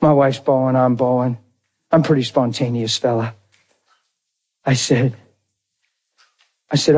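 Husky-voiced emotional preacher. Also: male voice, medium pitch, fairly even intonation, a little slow, pauses often, darkish tone. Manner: emotional storytelling preacher, unrehearsed, talks to the congregation. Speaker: pastor. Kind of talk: sermon.

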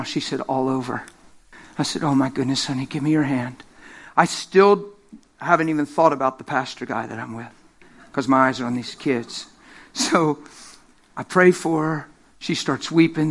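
A middle-aged man preaching a sermon, telling stories with lively energy, laughing and acting out the voices of the people in them. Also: mid-range voice, moderate pace, creaky. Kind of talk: sermon with storytelling. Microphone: handheld microphone.

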